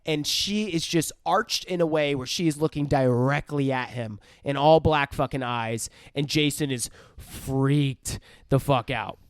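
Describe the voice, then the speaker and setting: A man's voice: medium pitch, a little slow, smooth, dry recording, clean studio sound. A man co-hosting a podcast, casually recapping a film in a profane, rambling way. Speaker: podcast co-host. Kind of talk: casual film review chat.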